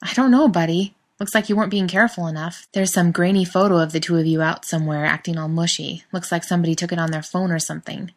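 A woman's voice: lowish voice, fairly even intonation, quick pace, few pauses. A woman voicing a brash young man who mocks and wisecracks crudely in a read-aloud story. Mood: mocking.

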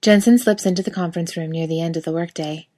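Brief: female reader, slightly low pitch, wry lively storytelling. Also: quick pace. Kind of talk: reading fan fiction aloud.

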